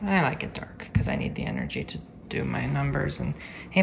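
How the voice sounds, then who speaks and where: A man talks casually to his viewers in a home vlog. He is chatty and playful, with a theatrical streak. His mid-pitched voice has a steady, gravelly fry. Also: fairly quick, slight background noise. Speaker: vlogger.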